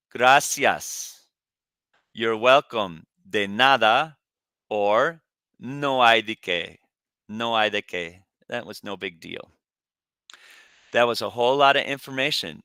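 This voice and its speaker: A man teaching a recorded Spanish lesson, saying each word in English and Spanish and pausing for students to repeat. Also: mid-range voice, sharp tone, smooth, no room sound. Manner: pronounces words for students to repeat.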